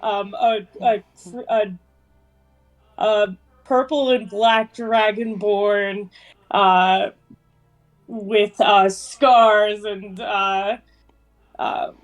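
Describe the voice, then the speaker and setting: A woman's voice: medium pitch, steady tone, very slow, long pauses, highs cut off, soft background music. A woman playing a tabletop game, describing her character hesitantly with many fillers. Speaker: player.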